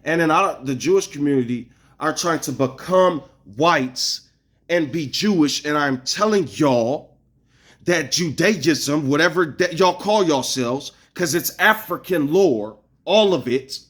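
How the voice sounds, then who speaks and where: A man's voice: on the high side, fairly bright tone. Angry, profane man ranting to viewers. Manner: rambling, restarts often. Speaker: vlogger. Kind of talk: casual ranting monologue to viewers.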